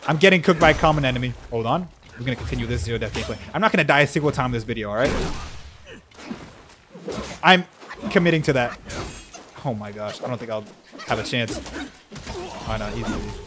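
A young man giving casual, excitable, self-mocking commentary while playing a video game, yelping when he gets hit. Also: mid-range voice, fast, long pauses, background noise. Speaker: gaming YouTuber.

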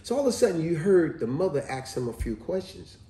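A man reads a children's book aloud and muses on it in a chatty, easygoing way. His voice is mellow and dark, and his pitch moves a lot. The room around him is echoey. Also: very animated, fast talker, recorded from a distance. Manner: chatty, musing asides, rereads lines. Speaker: book reviewer.

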